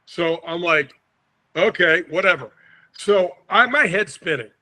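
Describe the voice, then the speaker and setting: A man in his sixties from St. Louis, a podcast guest telling an animated anecdote and acting out the quotes. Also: high-pitched, a little slow. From St. Louis, USA. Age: 60s. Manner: lively storyteller, acts out quotes, chuckles often.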